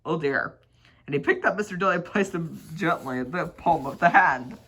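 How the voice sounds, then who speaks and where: A man's voice: a little high, lively intonation, brisk, pushed and bright, slightly rough. Man giggling through a storybook read-along. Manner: giggly, stumbling reading. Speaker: reader.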